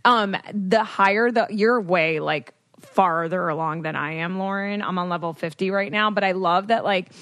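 A woman's voice: medium pitch, moderate pace, hardly any pauses, a bit bright, dry recording. A young woman co-hosting a podcast in casual, reflective chat, laughing now and then. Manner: chatty, reflective, laughs often. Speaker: podcast co-host.

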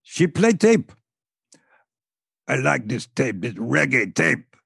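A man's voice: medium pitch, very animated, slow, gravelly, fairly bright tone, slightly rough, dry recording, studio quality, full character voice. A man voicing a commanding foreign dictator on the phone, speaking in clipped, broken phrases.

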